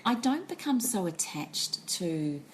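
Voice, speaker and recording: Casting: woman, podcast co-host, lively swooping delivery, laughs easily, faint room hiss behind. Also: mid-range voice, takes it slowly. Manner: animated storyteller, laughs often. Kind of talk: casual chat.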